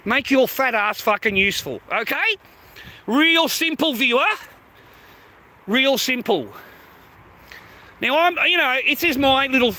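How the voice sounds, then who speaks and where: A man's voice: very high voice, pushed and bright, low-quality recording. A man hosting a livestream in a crude, sweary ranting chat, mocking his viewers and laughing often. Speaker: livestream host.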